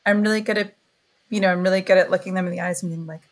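A woman's voice: on the low side, fairly even intonation, rapid-fire. Candid woman guest, casual chat. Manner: earnest, candid, laughs a lot, many fillers. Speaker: podcast guest, parent. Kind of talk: casual conversation.

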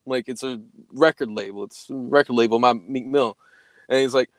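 A young man telling a story in casual podcast chat, profane and animated, acting out the quoted dialogue. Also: mid-range voice, moderate pace, dry recording.

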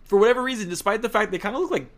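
A high-pitched, rapid-fire man of Italian heritage co-hosts a casual podcast. Animated and jokey, he recaps a game playthrough and slips into mock voices.

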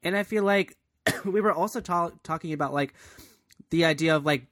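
A man's voice: on the high side, moderate pace, a bit bright, no room sound, clean studio sound. A man in casual chat about TV storytelling, thoughtful and rambling, with many fillers.

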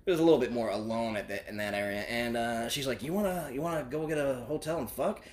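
A man in his forties tells a long personal story in a casual, rambling way, swearing freely and breaking into laughter. His voice sits at an ordinary middle pitch. A faint hiss runs under the recording. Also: quick pace, darkish tone. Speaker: guest telling a story.

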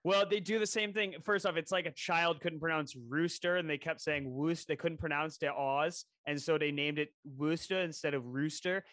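Guy cohosting a podcast, a bit high voice, rambles off on tangents, dry sound. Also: steady tone, moderate pace, few pauses, fairly bright tone, dry recording. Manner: chatty, wanders off on tangents. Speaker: podcast co-host. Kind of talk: casual chat.

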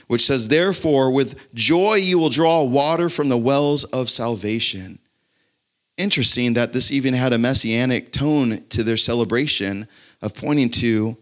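A man gives a sermon in an easygoing, conversational manner. His voice is mid-pitched, and he stops often to read scripture aloud before explaining it. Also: fairly bright tone. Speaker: pastor.

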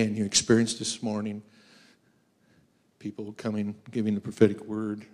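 In a church sanctuary, a guest preacher with a fairly low voice speaks at a moderate pace with a completely flat delivery, pausing often. He tells personal stories, laughs frequently, and acts out the voices of people he quotes.

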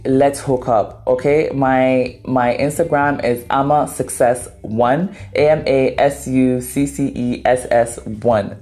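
A woman from Ghana whose first language is Twi, hosting a podcast and telling a story in a casual, dramatic, playful way. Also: extremely low pitch. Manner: animated, dramatic, playful, acts out quoted voices. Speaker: podcast host.

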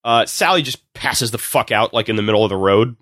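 A man on a comedy podcast, retelling a movie with lots of laughs and quick acted-out voices. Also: fairly low pitch, no room sound, clean studio sound. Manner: animated storytelling, acts out characters in quick voices, laughs often. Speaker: podcast guest recapping a movie. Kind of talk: casual comedic podcast chat.

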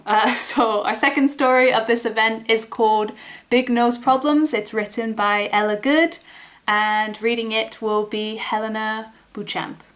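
Woman, event host, introducing readers, friendly, informal, a little high. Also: steady tone, measured pace, a bit bright. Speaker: host of a story reading event.

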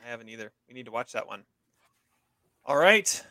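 A man's voice: mid-range voice, sing-song, brisk, bright, forceful tone, no room sound. A man co-hosting a casual film podcast, rambling with many fillers and restarts. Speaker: podcast co-host reviewing films. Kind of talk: casual chat.

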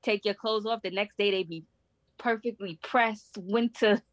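A woman chatting on a podcast as a guest, telling lively, profane, laughing stories. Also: medium pitch, measured pace, dry recording, muffled recording. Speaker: guest, host's sister. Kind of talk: casual podcast chat.

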